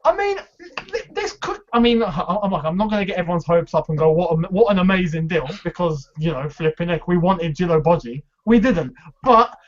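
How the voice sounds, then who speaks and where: A man hosting a casual football fan chat, chatty and quick to laugh, with many fillers. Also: high voice, sing-song. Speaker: fan channel host. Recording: dull lo-fi sound.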